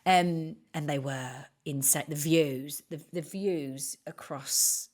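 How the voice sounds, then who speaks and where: A woman's voice: low voice, fairly even intonation, slow, a little mellow. A woman co-hosting a podcast, telling an anecdote in casual chat and acting out the people she quotes. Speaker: podcast co-host.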